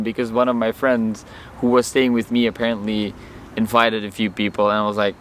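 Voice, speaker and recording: Animated man telling a story outdoors. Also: on the low side, brisk, slight background noise. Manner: animated, acts out his own and others' lines in the story. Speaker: vlogger. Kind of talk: casual storytelling to camera.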